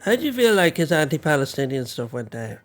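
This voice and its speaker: An Irish man co-hosting a podcast, retelling events in a halting, filler-heavy way. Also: fairly high pitch, very animated, faint music behind. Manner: hesitant storytelling, many fillers and retellings. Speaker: podcast co-host. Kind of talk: casual chat.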